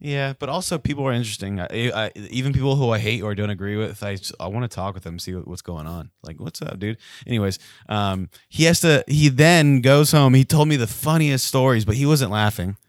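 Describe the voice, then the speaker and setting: A man in casual podcast chat, swearing freely and telling animated stories. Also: medium pitch, brisk, few pauses, no room sound, clean studio sound. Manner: profane, animated storytelling.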